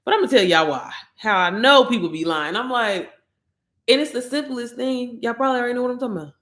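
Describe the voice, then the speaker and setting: A woman, chatting excitably on a casual livestream and talking straight to her viewers. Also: fairly high pitch, fast. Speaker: online course promoter. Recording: echoey room.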